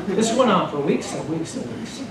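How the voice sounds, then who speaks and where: Male pastor, lively sermon storyteller; far mic in a roomy, noisy hall. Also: high-pitched, moderate pace. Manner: animated storytelling. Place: church sanctuary. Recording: echoey church hall, distant mic, noisy.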